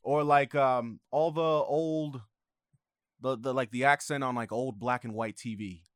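A young man speaks in an ordinary mid-range voice, relaxed and easygoing. His sentences often trail off softly. The recording is dry and close-miked. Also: mid-range voice, a little slow, clean tone, dry recording. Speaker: podcast guest. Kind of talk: casual chat.

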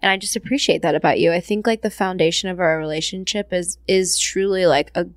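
A woman's voice: lowish voice, steady tone, fast talker, no room sound, clean studio sound. A woman hosting a casual podcast chat, emotional and often laughing, swearing casually. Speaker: podcast host.

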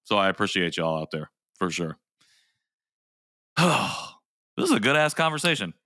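Bright, animated male podcast co-host. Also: lowish voice, moderate pace, no room sound, studio quality. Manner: jokey, laughs often, teasing. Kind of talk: casual podcast chat.

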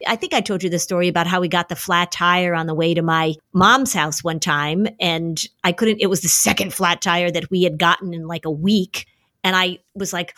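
A middle-aged woman talks through parenting ideas on a podcast. She is earnest and explanatory, and her pitch sits in an ordinary middle range. She slips into short acted retellings of family moments. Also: normal speed, fairly bright tone. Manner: earnest, explanatory, acts out stories. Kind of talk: casual podcast conversation.

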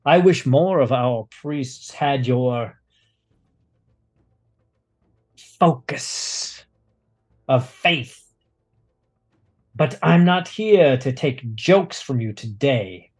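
A man voicing a smooth, mocking male cult leader who speaks with quiet menace. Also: mid-range voice, animated, drawn-out words, exaggerated voice. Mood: amused.

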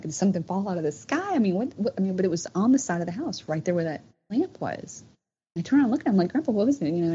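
Middle-aged woman, low dark voice, animated storyteller, dull noisy recording. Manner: animated, many fillers. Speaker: guest telling a personal story. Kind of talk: casual storytelling. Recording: dull, slightly noisy sound.

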